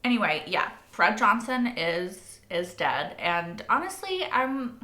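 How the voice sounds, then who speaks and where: A woman's voice: mid-range voice, very animated, takes it slowly, pushed and bright. A young woman hosting a reaction video, talking casually and swearing freely, with a lot of likes and rights. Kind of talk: casual spoken commentary. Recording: echoey room.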